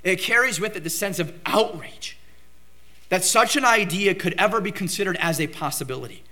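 Brief: male pastor with a bright, high voice, preaching emphatically. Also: a little fast. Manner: emphatic preaching, rising to loud outbursts on key phrases. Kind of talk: sermon.

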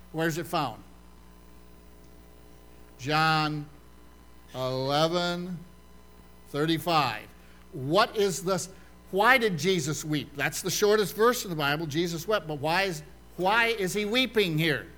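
A man's voice: fairly high pitch, lively intonation, takes it slowly, long pauses, pushed and bright. An older male pastor giving a conversational sermon in a church, often stopping to put questions to his listeners. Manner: quizzes the congregation with questions.

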